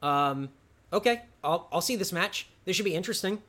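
A man's voice: high voice, expressive, normal speed, bright, forceful tone. A man co-hosting a podcast, chatting casually and enthusiastically through a wrestling recap, rambling and laughing often. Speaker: podcast co-host.

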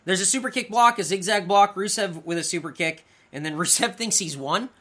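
A man co-hosting a podcast, recapping wrestling matches in casual chat and acting out the wrestlers' lines in loud bursts. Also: high voice, brisk. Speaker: podcast co-host.

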